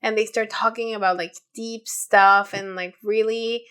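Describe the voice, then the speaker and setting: A woman's voice: mid-range voice, flat delivery, normal speed, bright, forceful tone, clean tone. A woman in her late twenties, co-hosting a podcast and retelling a story in casual chat, with many fillers and quoted voices. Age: 20s. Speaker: podcast co-host.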